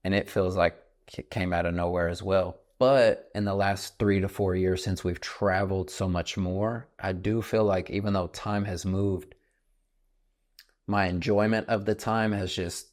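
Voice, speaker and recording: A man in his thirties, a podcast host chatting casually, telling stories in an earnest, reflective way. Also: deep voice. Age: 30s. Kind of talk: casual conversation.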